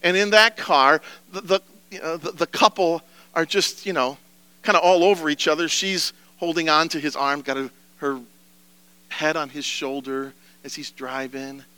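Male pastor, earnest sermon delivery, high tenor, crisp and bright, dry room. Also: steady tone, normal speed, no echo. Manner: earnest, preacherly, rising to emphatic pleas.

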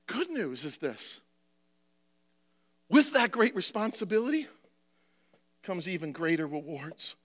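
A man's voice: high voice, sing-song, measured pace, pauses often. A male preacher delivering a sermon, passionate and pleading, asking rhetorical questions, emotional and near tears.

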